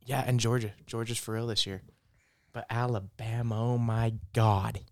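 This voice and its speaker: A man's voice: medium pitch, flat delivery, normal speed, a little mellow, no echo, clean studio sound. A man hosting a casual sports betting podcast, recapping picks in short laid-back bursts. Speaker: podcast host.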